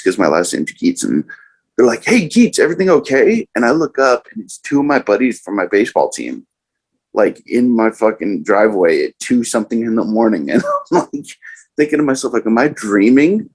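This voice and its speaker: A young man casually telling a profane personal story, animated and acting out other people's lines. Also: fairly low pitch, a little fast, breathy edge, rough recording. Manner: profane, animated, quotes others in raised voices.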